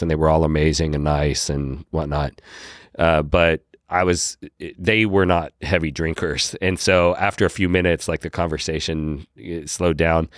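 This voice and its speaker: A man, a podcast guest, telling a story in a casual, animated way and acting out his own lines. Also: extremely low pitch, no echo, clean studio sound. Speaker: podcast guest, whiskey brand founder.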